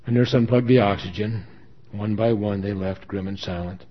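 A man's voice: fairly low pitch, fairly even intonation, moderate pace, breathy edge. A man reading a dramatic first-person story with earnest emotion. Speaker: story reader. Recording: dull lo-fi recording.

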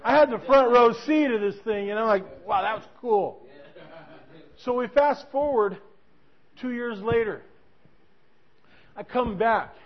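A man with a notably high voice delivers a sermon as a lively story. He keeps restarting his sentences. The recording sounds dull and lo-fi. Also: unhurried, long pauses. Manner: animated, with many restarts. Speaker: preacher.

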